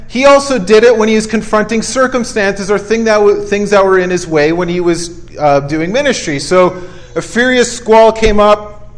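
A man preaching a sermon in a conversational way, punching out short emphatic phrases and often checking in with his listeners. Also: sits high.

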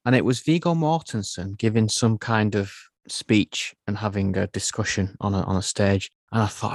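A man's voice: on the low side, moderate pace, few pauses, no room sound, clean studio sound. A man co-hosting a movie and TV podcast, chatting casually and playfully with his co-host. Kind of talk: casual chat.

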